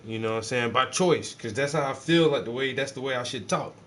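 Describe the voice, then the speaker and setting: A man's voice: medium pitch, brisk, hardly any pauses, a bit bright, a little hiss or hum. A man, chatting casually and profanely while he paints, joking and rambling to his viewers. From South Carolina.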